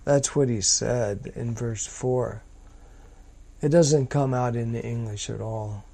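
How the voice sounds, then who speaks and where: Slow, deliberate male Bible teacher. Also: mid-range voice, vocal fry, warm tone. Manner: slow, deliberate, emphatic with pauses. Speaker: preacher.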